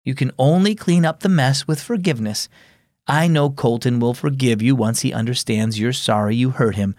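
A man voicing a gentle, reassuring mother in a storybook reading. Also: mid-range voice, normal speed, dry recording, clean studio sound, close to an everyday voice.

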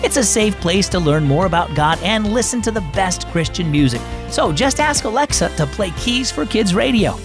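A man's voice: sits high, lively intonation, normal speed, few pauses, over music. A man hosting and narrating a children's devotional program with scripted storytelling in an upbeat, emphatic way. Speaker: host.

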